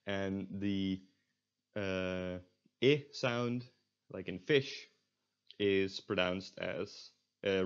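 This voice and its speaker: Man teaching a language lesson, lo-fi. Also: low-pitched. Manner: explanatory, with frequent filler pauses. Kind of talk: recorded online language lesson.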